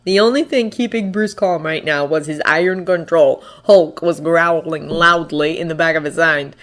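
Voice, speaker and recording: Even-voiced fanfiction narrator. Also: medium pitch, normal speed. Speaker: fanfiction reader. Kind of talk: audiobook narration.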